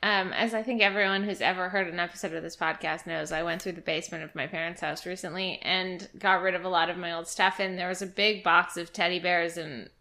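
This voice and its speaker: A woman's voice: on the low side, fairly quick, vocal fry, few pauses. A woman co-hosting a podcast, chatting casually and joking. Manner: lively, joking. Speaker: podcast co-host. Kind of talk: casual chat.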